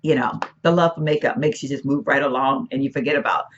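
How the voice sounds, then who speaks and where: A hoarse woman rambles through a casual makeup chat, her cracking voice captured on a dull, lo-fi home recording. She jumps from thought to thought and cuts herself off mid-sentence. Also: rumbling low, fast talker, a little hiss or hum. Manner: rambling, chatty, self-interrupting. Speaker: beauty vlogger. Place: room at home, once a bedroom.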